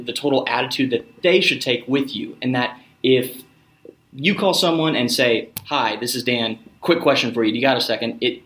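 A man's voice: medium pitch, fairly bright tone. A man who works in sales, talking earnestly in a casual conversation and sometimes acting out phone calls. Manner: earnest, acts out phone lines. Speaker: guest, salesperson.

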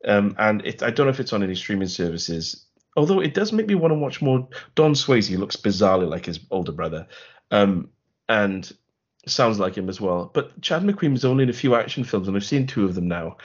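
A man's voice: lowish voice, sing-song, brisk, highs cut off. A man co-hosting a podcast, recapping a film in a wry, rambling, sarcastic way. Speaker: podcast co-host. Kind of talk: casual film review chat.

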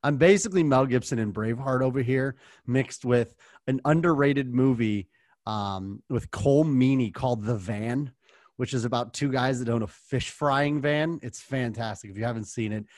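A man's voice: mid-range voice, normal speed, darkish tone, no echo. American male co-host, dry close sound, easygoing sports banter. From United States. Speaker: podcast co-host. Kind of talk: casual sports podcast chat.

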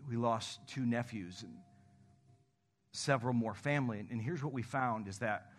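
A man preaching a conversational sermon as pastor, telling candid stories about himself and slowing into a soft, earnest prayer. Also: medium pitch. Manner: candid, self-deprecating storytelling; acts out phone calls in animated voices.

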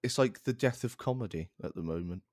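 A man's voice: on the low side, lively intonation, fairly quick, a little mellow, no room sound, studio quality. A man co-hosting a casual podcast chat, ranting in an exasperated way and swearing freely. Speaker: podcast co-host.

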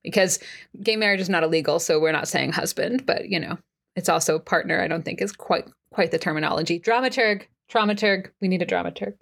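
A woman's voice: on the low side, brisk, vocal fry, fairly bright tone. A woman running a tabletop game as game master, chatty and giggly, with many fillers.

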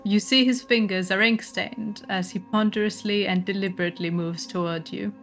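A woman's voice: mid-range voice, fairly even intonation, normal speed, faint music behind. A woman narrating a tabletop horror game as game master, describing scenes and often laughing.

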